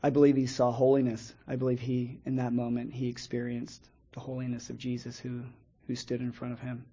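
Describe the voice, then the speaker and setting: A man preaching a Bible lesson in a measured way, reading scripture slowly and pausing often. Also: medium pitch, monotone, mellow, slightly rough, dull audio. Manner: measured, reads scripture slowly with pauses and restarts. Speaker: preacher teaching a Bible study. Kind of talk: sermon-style Bible teaching.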